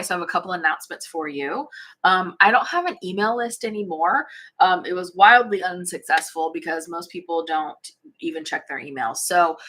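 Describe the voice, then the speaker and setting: A woman's voice: fairly low pitch, a bit bright. A woman hosting a casual livestream, chatting bubbly with viewers and yawning often. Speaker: spiritual channel host. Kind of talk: casual livestream chat reading comments. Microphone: phone or webcam livestream.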